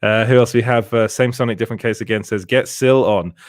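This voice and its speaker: A man's voice: lowish voice, fairly even intonation, brisk, dry recording, clean studio sound. A man co-hosting a casual live stream, reading out chat comments and laughing often between restarts. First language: French. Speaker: podcast co-host.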